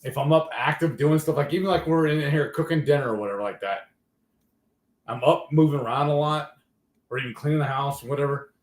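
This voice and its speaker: A man's voice: a little high, fairly quick, echoey room, poor audio. A man hosting a casual livestream chat, rambling and correcting himself as he talks. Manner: rambling, self-correcting, trails off. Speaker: livestream host.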